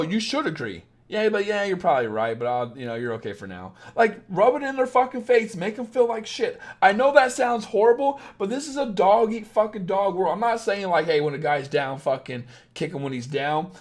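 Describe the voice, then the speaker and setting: A man in his thirties talks through dating questions on a live stream. His voice sits a little high, and his talk is blunt and full of swearing. He drops into low, muttered asides, then breaks into loud, heated rants. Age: 30s. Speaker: dating coach. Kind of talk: live-stream advice chat.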